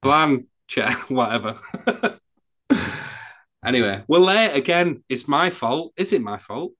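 A man's voice: mid-range voice, big pitch swings, a little slow, a bit bright. A man co-hosting a casual podcast, asking curious questions and trading teasing banter. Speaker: podcast co-host.

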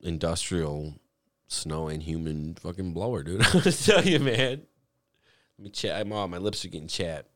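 A young man co-hosting a casual podcast, telling profane, laughing stories in lively chat. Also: low-pitched, moderate pace, no echo, clean studio sound. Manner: profane, laughing, animated storytelling. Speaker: podcast co-host.

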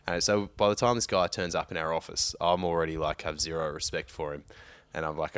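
A man's voice: low voice, flat delivery, fairly quick, few pauses, fairly bright tone, clear, resonant tone, no room sound. An Australian man co-hosting a podcast, telling a rambling, profane story in casual chat. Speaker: podcast co-host.

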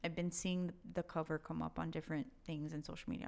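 A woman's voice: sits low, little pitch movement, quick pace, vocal fry, a little mellow. A woman co-hosting a casual book chat, talking enthusiastically in a rambling way.

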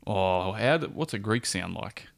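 A man's voice: fairly low pitch, lively intonation, unhurried, gravelly. An Australian man co-hosting a podcast, telling jokes with dry delivery and frequent laughter. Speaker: podcast co-host. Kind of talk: telling jokes in casual banter.

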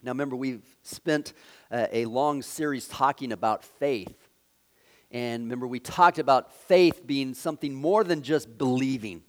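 A man preaching a sermon, halting with fillers and restarts, swinging from loud emphasis down to hushed, quiet phrases. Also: mid-range voice. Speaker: pastor.

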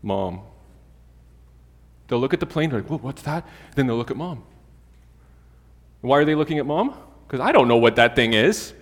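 A male preacher at a middle pitch who talks to his congregation casually and with humor, moving between stories and scripture. His voice carries a long, lingering reverb, as if heard in a large hall. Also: moderate pace, pauses often. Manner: conversational and humorous, with lively asides and Bible readings. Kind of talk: sermon.

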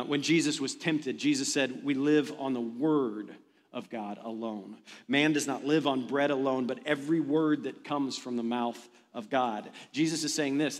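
A middle-aged man, a pastor, preaching a sermon in a conversational, animated storytelling manner to his congregation in a church. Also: mid-range voice. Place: church sanctuary. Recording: long reverb of a large hall.

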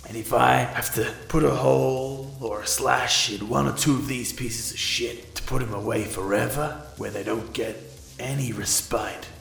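Man voicing a brutal cop partner, gravelly and menacing, echoey room. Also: mid-range voice, fairly even intonation, moderate pace, a bit bright, pitched above the performer's own voice. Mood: threatening. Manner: intense, threatening, gravelly. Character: violent, enraged male cop partner, ruthless.

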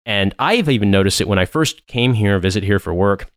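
Fast-talking American man, dry sound. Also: lowish voice, animated, no echo. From Indiana, USA. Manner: rambling, full of fillers and restarts. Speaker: podcast co-host. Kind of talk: casual chat.

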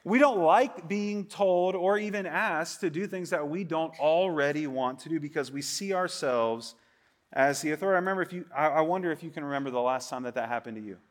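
A middle-aged male pastor preaching a sermon to a church congregation in a conversational way, often checking in with "right?" and acting out quoted voices. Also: a little fast. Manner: conversational, keeps asking "right?"; acts out quoted voices with a rising, louder pitch.

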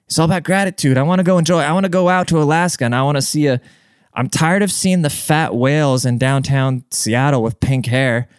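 A man's voice: on the high side, fairly even intonation, brisk, clear, resonant tone, dry recording, clean studio sound. A young man hosting a podcast, telling a rambling, profane story in a loose casual monologue. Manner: rambling and profane, with frequent restarts and "dude". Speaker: podcast host.

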